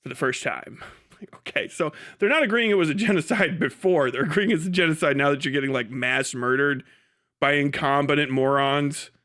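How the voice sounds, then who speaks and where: Profane ranting man, high voice. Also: brisk, a bit bright. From United States. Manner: heated, profane, mocking, breaks into laughs. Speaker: livestream host. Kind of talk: profane livestream rant.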